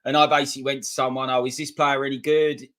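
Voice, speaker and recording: A man co-hosting a livestream, telling in a relaxed way how he became a fan and joking with his co-host. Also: medium pitch, fast talker. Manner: easygoing storyteller, teasing banter. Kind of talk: casual football chat.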